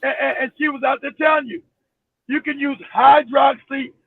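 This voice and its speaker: A man with a very high, gravelly voice rants heatedly at his live-stream audience, swearing freely and breaking into shouts. The sound is narrow and phone-like, dry and close, with no room around it. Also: level tone, fairly quick, no room sound. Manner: emphatic, profane, bursts into shouting; repeats himself, many restarts. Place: home in Florida.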